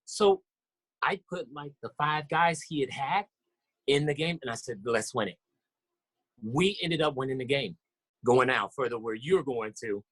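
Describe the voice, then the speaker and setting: A man, a basketball coach, telling stories in a casual interview, animated and acting out what others said with sudden jumps in pitch. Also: moderate pace. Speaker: podcast guest, basketball coach.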